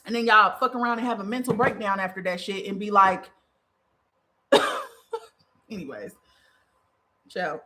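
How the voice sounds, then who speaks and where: Her mid-range voice is bright and forceful, fairly quick with fairly even intonation and long pauses. This young talk show host and spiritual advisor delivers a blunt, profane, heated monologue of spiritual advice, emphatically mocking the people she quotes with mocking voices.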